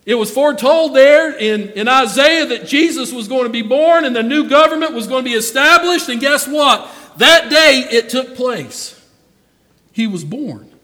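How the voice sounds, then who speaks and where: High-voiced folksy preacher in a hall. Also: male voice, animated, normal speed, bright, forceful tone. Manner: folksy, addresses congregation members by name. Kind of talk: sermon.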